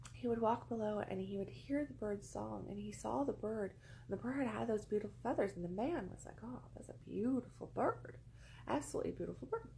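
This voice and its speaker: A woman talks to camera in a loose, rambling storytelling style, circling back and repeating words for weight. Her voice carries a gravelly fry, and a faint hiss sits underneath. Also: medium pitch, dark tone, rough recording. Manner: rambling, repeats phrases for emphasis. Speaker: vlogger. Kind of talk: casual storytelling monologue. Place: indoors among pillows.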